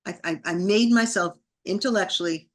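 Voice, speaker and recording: A woman's voice: mid-range voice, moderate pace. Woman telling a vivid personal story. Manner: emotional, vivid retelling with acted-out inner thoughts. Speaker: podcast guest.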